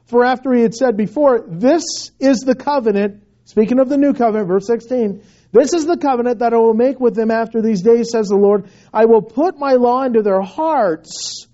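Male pastor, sermon; emphatic, shifts between raised and soft delivery; mellow timbre, muffled recording. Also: high voice, normal speed. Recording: dull lo-fi recording.

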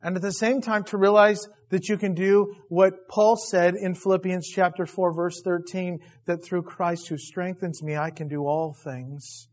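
Man preaching, high voice, animated storytelling, muffled lo-fi audio. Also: measured pace, hardly any pauses. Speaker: pastor. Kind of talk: sermon. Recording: dull lo-fi recording.

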